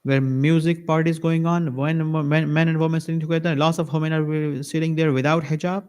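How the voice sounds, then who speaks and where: Man preaching an animated sermon. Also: brisk, clean tone. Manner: animated, acts out little dialogues with varied pitch. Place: mosque lecture hall.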